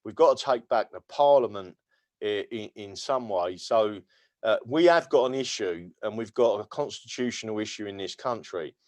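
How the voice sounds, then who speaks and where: A man's voice: fairly low pitch, lively intonation, normal speed, a little mellow, no room sound. English male livestream host, rambling joker, stumbles over words, casual chat. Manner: rambling and jokey, stammering with many fillers.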